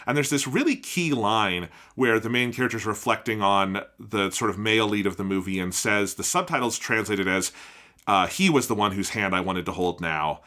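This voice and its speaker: A man's voice: fairly low pitch, moderate pace, pushed and bright. A man who teaches, co-hosting a film podcast and explaining subtitling with enthusiasm. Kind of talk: casual film review discussion.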